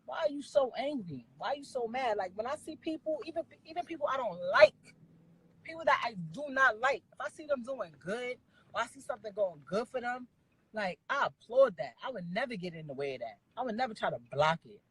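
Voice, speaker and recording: A woman's voice: fairly high pitch, lively intonation, fairly quick, a bit bright, husky, poor audio. A woman in her forties, ranting bluntly and profanely at her viewers on a phone live stream.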